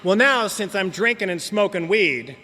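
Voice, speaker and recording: A man's voice: high voice, expressive, moderate pace, pushed and bright, slight background noise. A man telling his story at a recovery meeting in a joking, slangy way, talking straight to the audience. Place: meeting hall. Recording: long hall reverb.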